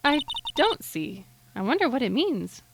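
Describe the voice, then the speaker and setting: A woman streaming a video game live, reading the dialogue aloud with quick asides, over game music. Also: sits high. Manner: animated, reads lines aloud with quick asides.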